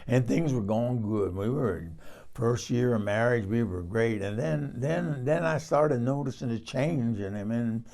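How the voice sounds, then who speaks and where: Man doing a bawdy old southern lady, gravelly voice, swoony exclamations, comic monologue. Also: medium pitch, measured pace, a little mellow. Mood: confiding. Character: bawdy older Southern woman gossip. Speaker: comedic character storyteller.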